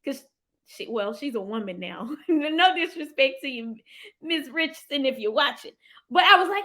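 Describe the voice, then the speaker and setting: Lively high-voiced woman. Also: normal speed. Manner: animated and heartfelt, with sudden whoops; addresses viewers as "y'all". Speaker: livestream host and financial coach. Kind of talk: motivational live-stream talk.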